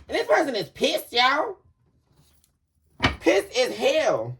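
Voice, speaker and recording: Woman tarot reader, casual and chatty, lively pitch, breaks into laughter. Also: takes it slowly, long pauses, slight background noise. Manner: animated, laughing, addresses viewers as y'all. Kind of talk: casual psychic reading to viewers.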